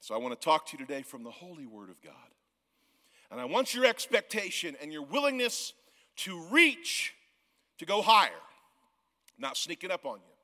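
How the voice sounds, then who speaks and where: A man in his forties, a guest pastor from the Missouri Ozarks, preaching a sermon in a church auditorium, loud and yelling, often laughing. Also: a little high, sing-song, moderate pace, pauses often. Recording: long church hall reverb.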